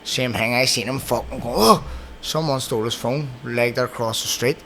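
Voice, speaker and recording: A man with a Belfast accent hosting a podcast, telling rough, swear-filled anecdotes in casual chat. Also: mid-range voice, moderate pace, a little hiss or hum. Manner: swears constantly, animated anecdotes. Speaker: podcast host.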